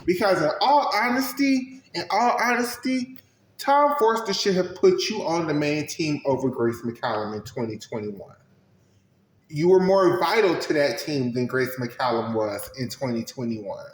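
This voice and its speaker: A man commenting with sass and preachy call-outs, his voice bouncing around an echoey room. He ranges from sharp jabs to a low, quiet mutter. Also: animated, a little slow. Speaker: recap commentator. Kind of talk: reaction commentary.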